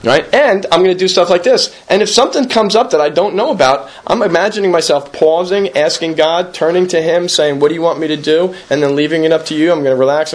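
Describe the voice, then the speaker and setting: A man speaking at a recovery meeting, earnest and self-deprecating, repeating himself and often asking for agreement. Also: fairly high pitch. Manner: repetitive, conversational, keeps asking "right?". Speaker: recovering alcoholic sharing at a meeting. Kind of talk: personal recovery talk.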